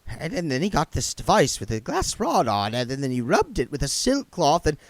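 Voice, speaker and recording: Guy doing a high nervy bursar, stutters nonstop, dry close sound. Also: huge pitch swings, takes it slowly, no echo, full character voice. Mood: jittery. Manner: stuttering, panicky. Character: nervous, stammering male wizard bursar.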